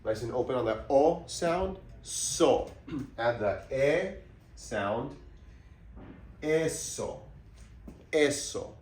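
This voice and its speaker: Guy teaching spanish sounds super slowly, keeps clearing his throat, echoey room. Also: mid-range voice, expressive, a little mellow, distant mic, slight background noise. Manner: patient, breaks words into syllables and repeats them. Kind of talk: slow pronunciation lesson. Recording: echoey room, voice somewhat off mic.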